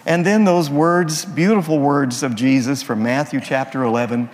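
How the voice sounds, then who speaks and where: A man's voice: mid-range voice, steady tone, moderate pace, few pauses, long reverb tail. A man, a priest, opening his sermon with folksy jokes before turning serious. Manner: folksy, playful joke-telling. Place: church.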